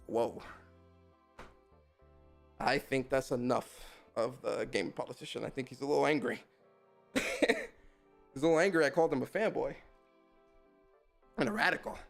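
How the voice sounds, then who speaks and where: A man hosting a casual live-stream podcast, talking in a laid-back, slangy way and laughing often. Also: fairly high pitch. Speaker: podcast host.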